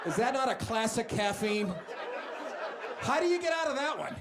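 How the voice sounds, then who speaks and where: A man's voice: very high voice, lively intonation, background noise. A man doing a stand-up set in a comedy club, telling brash, profane stories and acting out the people in them. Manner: brash, profane, fast storytelling with acted-out voices. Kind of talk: stand-up routine. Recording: club set with crowd laughter.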